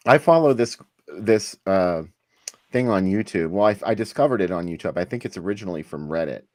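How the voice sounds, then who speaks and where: A man hosting a podcast, chatting in a relaxed way and enthusiastically recommending things. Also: low voice, brisk, dry recording. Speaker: podcast host. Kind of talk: casual chat.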